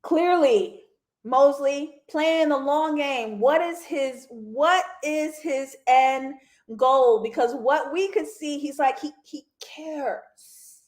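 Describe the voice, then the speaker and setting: A woman hosting a casual livestream TV review, animated and laughing often as she talks to her viewers. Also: sits high, takes it slowly. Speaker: TV review host.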